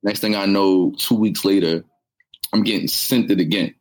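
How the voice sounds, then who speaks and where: Deep-voiced poet from New York. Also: male voice, steady tone, normal speed. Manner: laid-back, reflective, slangy. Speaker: guest poet. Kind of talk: casual interview chat.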